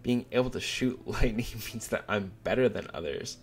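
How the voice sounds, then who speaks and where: A man's voice: on the low side, normal speed, soft background music, close to an everyday voice. A man reading aloud the lines of a boastful, lonely young boy demon from a manga, in nearly his own voice. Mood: stubborn. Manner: read aloud from a manga, barely acted.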